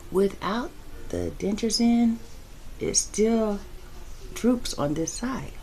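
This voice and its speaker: A woman's voice: mid-range voice, creaky, mellow, a little hiss or hum, poor audio. A woman vlogger chatting casually to camera, rambling from topic to topic, laughing often and acting out what other people said. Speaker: soap-making vlogger.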